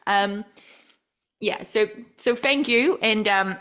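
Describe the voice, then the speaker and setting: A woman hosting a podcast, effusive and rambling, full of fillers and warm praise. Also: mid-range voice, slow pace, smooth. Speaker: podcast host. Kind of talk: emotional casual chat.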